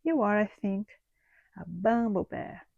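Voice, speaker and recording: A woman's voice: mid-range voice, slow, creaky, a little mellow, dry recording, dull audio. A woman reading as a stately queen bee. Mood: firm.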